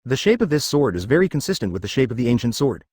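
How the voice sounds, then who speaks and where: Man, audiobook narration, fantasy story, quick delivery, animated pitch, dry close sound. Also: no room sound.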